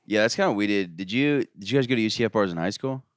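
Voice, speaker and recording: A man's voice: lowish voice, lively intonation, racing, no room sound, clean studio sound. A young man from Florida hosting a casual comedy podcast, loose and swearing, trailing off mid-sentence. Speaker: podcast host.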